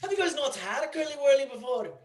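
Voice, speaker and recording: A man's voice: very high-pitched, very animated, fast, echoey room, a crowd in the background, voice pushed up. A man putting on a hammy mock Scottish brogue. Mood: playful. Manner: jokey, hammy.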